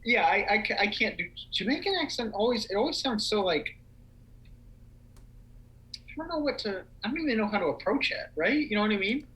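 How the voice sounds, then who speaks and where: A young man co-hosting a casual livestream chat, animated and rambling with lots of fillers. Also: sits high, fairly quick, rough recording. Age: young adult. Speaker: podcast co-host.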